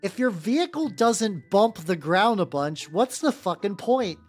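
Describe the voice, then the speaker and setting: A woman voicing a grumpy, boastful male orc warrior who grumbles slowly and scornfully. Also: medium pitch, big pitch swings, darkish tone, faint music behind.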